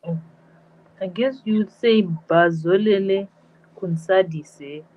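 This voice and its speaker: A woman's voice: mid-range voice, slow, muffled recording. A woman in an online language class, sitting far from her mic and thinking aloud tentatively. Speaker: student. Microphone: video call, far from the mic.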